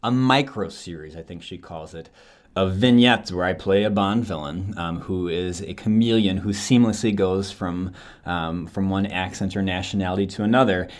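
A low-pitched young man from Wisconsin speaks as a podcast guest. He tells stories about acting in a lively, relaxed way. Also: normal speed. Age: young adult. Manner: animated, switches into playful accents. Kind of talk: relaxed interview conversation.

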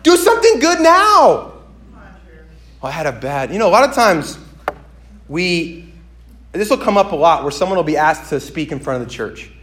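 A man preaching a sermon, moving between quiet reflection and loud, emphatic exhortation. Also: on the high side, expressive, a little fast.

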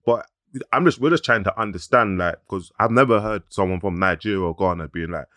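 A man hosting a casual podcast chat, halting, with many fillers and slang. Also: sits low, fairly bright tone, no room sound. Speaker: podcast host.

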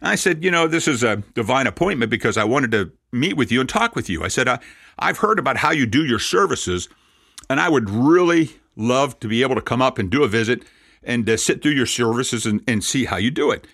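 A man in his sixties, a Messianic rabbi, preaching a sermon through lively anecdotes and dry self-mocking asides. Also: medium pitch, fairly quick, vocal fry, no room sound.

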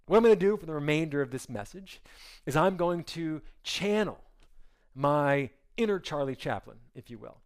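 A pastor telling a scripture story to his congregation in an animated, conversational way and acting out the characters' lines. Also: on the high side. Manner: acts out the characters' lines in quick voices; animated and conversational, with many asides.

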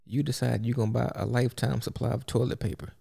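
A man's voice: mid-range voice, steady tone, fast talker, creaky, mellow, husky. A man hosting a solo podcast, ranting in a blunt, profane and exasperated way. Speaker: podcast host.

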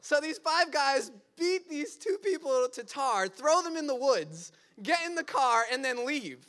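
A man's voice: very high voice, sing-song, a little slow, fairly bright tone. A young man animatedly telling a personal story, with frequent fillers and bursts of laughter.

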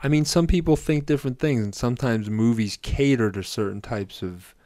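A man's voice: medium pitch, brisk, a little mellow, dry recording. A man in a casual movie debate, rambling with lots of "like" and insisting on his point.

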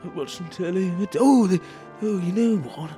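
An actor playing a faded, lonely old ex-TV performer, rambling wistfully in a comedy interview. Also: male voice, sits high, moderate pace, dark tone, faint music behind, close to an everyday voice. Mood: doddering, wistful. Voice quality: doddering, wistful.

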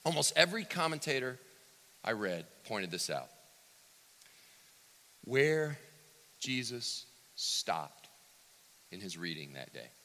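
A man preaching a sermon, swinging from loud to hushed and acting out the quotes he cites. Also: medium pitch, big pitch swings, slow pace, pauses often. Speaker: pastor. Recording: long reverb of a church hall.

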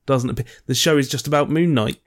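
A man's voice: medium pitch, fast. A man co-hosting a casual review chat, blunt and swearing offhandedly. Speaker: podcast co-host reviewing TV.

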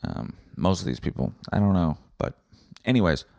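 A young Canadian man hosting a comedic solo podcast, rambling and swearing with deadpan asides. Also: low voice, normal speed, vocal fry, no room sound, studio quality. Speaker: podcast host.

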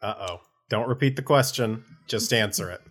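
A man's voice: on the low side, moderate pace, a bit bright. A man playing a tabletop game, stammering and teasing the other players. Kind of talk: tabletop role-play.

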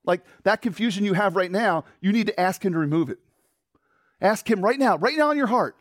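High, lively-voiced preaching pastor. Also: male voice, fairly quick, no room sound, clean studio sound. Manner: animated, emphatic preaching with sudden drops to quiet. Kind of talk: sermon. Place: church.

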